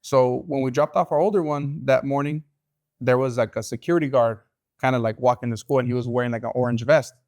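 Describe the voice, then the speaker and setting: A man's voice: mid-range voice, fairly even intonation, fairly quick, darkish tone, no room sound. A man, hosting a podcast and telling stories in casual chat, slipping between English and Spanish. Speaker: podcast host.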